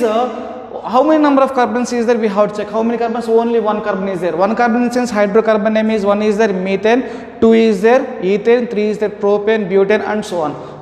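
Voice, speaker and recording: Indian English male lecturer with a high voice, slow and repetitive, recorded in a roomy classroom with long reverb. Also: a little mellow. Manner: slow, repetitive explanation with many fillers. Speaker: chemistry lecturer.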